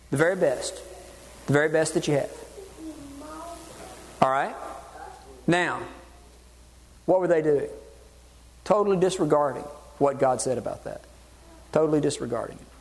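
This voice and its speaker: A man preaching a sermon, animated and acting out voices in the dialogue he quotes. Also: sits high, in a large hall. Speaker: pastor.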